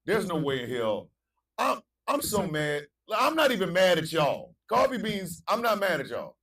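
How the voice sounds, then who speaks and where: A man hosting a morning talk show, animated, chanting hype calls and ranting, swinging between shouts and low asides. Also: normal speed, creaky, far from the mic, low-quality recording. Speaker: radio show host.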